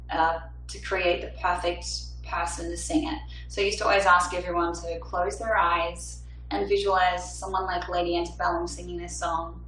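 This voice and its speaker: A woman's voice: lowish voice, a bit bright, echoey room, far from the mic, slight background noise, low-quality recording. A young woman, a singer-songwriter, chatting casually with viewers on a livestream from her apartment and reading out their comments. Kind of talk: casual livestream chat between songs.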